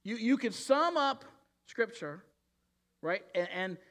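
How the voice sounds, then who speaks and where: Man, pastor, sermon, high voice, bright tone, earnest, restarts a lot. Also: big pitch swings, takes it slowly. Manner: earnest, repeats words and restarts often, acts out quoted voices.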